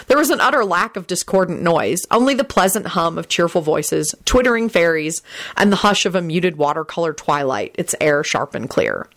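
A woman narrating a storybook in a measured, expressive way. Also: fairly low pitch. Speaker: audiobook reader.

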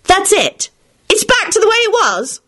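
A woman's voice: extremely high pitch, very animated, moderate pace, sharp tone, pitched above the performer's own voice, heavily acted. A woman voicing a sulky, defiant young boy with a petulant, whiny tone.

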